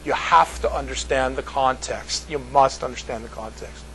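A man's voice: mid-range voice, normal speed, sharp tone, a little hiss or hum, rough recording. An older American man telling a rambling story to a group, repeating words and laughing at his own jokes. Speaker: speaker addressing a group. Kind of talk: casual storytelling.

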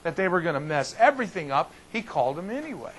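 A man teaching as a pastor in an informal Bible study, talking in a folksy, animated way and often restarting his sentences. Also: on the high side, quick pace, rough recording.

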